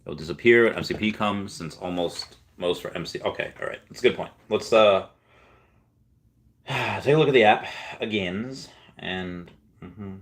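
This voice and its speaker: A man's voice: on the low side, normal speed. A man hosting a casual livestream, rambling and reading viewer comments aloud. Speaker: livestream host.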